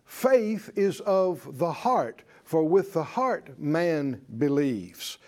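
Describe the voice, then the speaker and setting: A man's voice: fairly high pitch, very animated, very slow, a little mellow. A man teaching a Bible faith class in a sermon style, emphatic and repetitive, leading the class in call-and-response.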